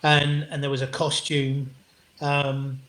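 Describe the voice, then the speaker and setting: A middle-aged English man, a comedian guest, telling anecdotes in an animated, casual way with frequent restarts and the odd swear word. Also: mid-range voice, slow pace. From England. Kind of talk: anecdotal storytelling in an interview. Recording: roomy echo.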